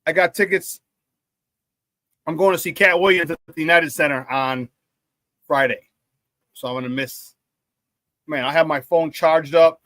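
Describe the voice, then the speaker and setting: His voice is a little high and his speed normal, with long pauses on a dry recording. This Chicago-area sports talk radio host runs a casual show, reading the live chat aloud, repeating himself, and laughing often with lots of animation.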